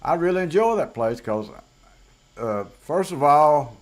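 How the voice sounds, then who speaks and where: Frank Southern US man, fairly high voice. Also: animated, unhurried. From southern United States. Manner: frank, plain-spoken, blunt. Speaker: channel host. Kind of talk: casual monologue to camera.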